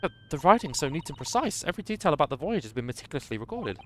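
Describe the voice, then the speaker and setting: A man voicing a polite, clever young woman who gently explains things. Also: fairly high pitch, big pitch swings, very fast, a little hiss or hum.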